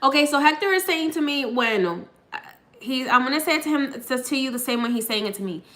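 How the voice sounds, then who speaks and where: High, bright-voiced woman giving a psychic reading. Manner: halting, full of fillers and restarts, relays spirits' words. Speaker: psychic medium. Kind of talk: live mediumship reading.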